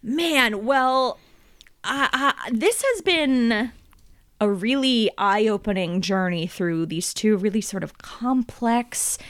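A woman's voice: on the high side, slow, a bit bright, no room sound, clean studio sound. A woman co-hosting a comedy podcast, playful and mock-solemn. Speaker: podcast co-host.

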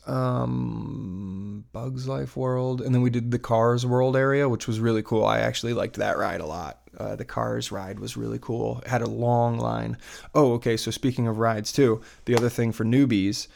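A man's voice: mid-range voice, vocal fry, darkish tone. A man in his thirties chatting casually about a family theme park trip, rambling with lots of fillers and restarts. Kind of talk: casual chat.

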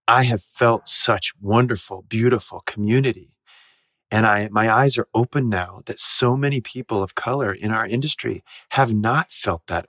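A man in his forties, a guest on an interview show, telling stories in a lively way and laughing often. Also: on the low side, no echo. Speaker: guest actor. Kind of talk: casual interview storytelling.

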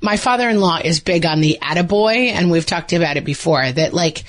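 A woman's voice: fairly low pitch, expressive, brisk. Chatty rambling woman podcast host. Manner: chatty, rambling, many fillers. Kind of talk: casual parenting podcast chat.

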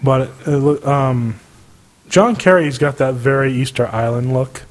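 A man co-hosting a casual podcast chat, crude and quick to laugh. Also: mid-range voice. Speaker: podcast co-host.

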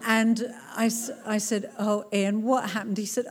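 A middle-aged woman author giving a live talk to an audience, telling a story in an animated way and laughing often. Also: mid-range voice, normal speed. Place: cultural centre hall before a crowd.

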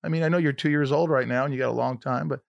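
A man's voice: medium pitch, steady tone, very fast, creaky, no room sound, lo-fi sound. A man hosting a podcast, casual and jokey, interviewing his guest. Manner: jokey, emotional, cracks puns. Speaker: podcast host.

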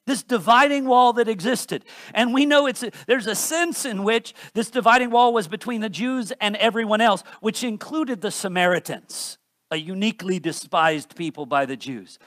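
Male preacher, high voice, dry close sound, emphatic scripture reader with big dynamic swings. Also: dry recording. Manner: emphatic, dynamic swings between soft and loud; reads scripture aloud with slow emphasis. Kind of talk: expository sermon.

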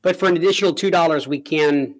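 Higher-voiced man teasing on a podcast. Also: fast talker. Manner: teasing, playful. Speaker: podcast co-host. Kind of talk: casual gaming podcast banter. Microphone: remote call mic.

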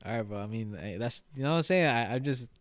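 A young man in his twenties co-hosting a podcast, chatting casually with slang and frequent swearing, getting animated in his rants. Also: mid-range voice, fast, no room sound, clean studio sound. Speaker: podcast co-host. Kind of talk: casual chat.

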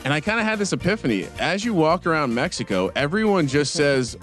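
A man's voice: on the high side, very animated, brisk, few pauses, fairly bright tone, soft background music. A middle-aged man co-hosting a casual sports podcast, telling rambling stories with lots of restarts and cursing. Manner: rambling storyteller with many restarts, swears freely. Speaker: podcast co-host.

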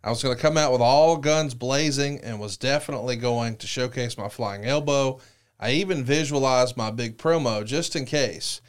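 Mid-pitched man hosting an interview podcast. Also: normal speed, smooth. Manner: prompting, reads quoted passages then asks follow-ups. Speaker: podcast host. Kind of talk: casual interview, reading book excerpts aloud.

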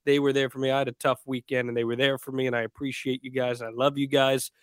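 A man hosting a podcast, talking in an upbeat, chatty way and quick to laugh. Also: mid-range voice, little pitch movement, clear, resonant tone, no echo, studio quality. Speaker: podcast host. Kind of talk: casual podcast chat.

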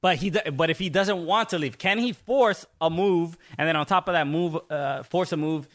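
A man co-hosting a live streamed football chat show, thinking out loud with frequent pauses and restarts. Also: a little high. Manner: hesitant, full of restarts. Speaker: co-host.

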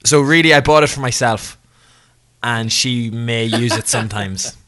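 A man's voice: mid-range voice, unhurried, a bit bright. A man co-hosting a podcast, chatting casually in a rambling, jokey way and correcting himself as he goes. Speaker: podcast co-host. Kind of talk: casual chat.

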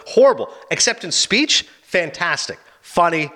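A man hosting a casual chat, giving quick, opinionated retellings of an awards night. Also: sits high, sing-song, sharp tone. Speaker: podcast host.

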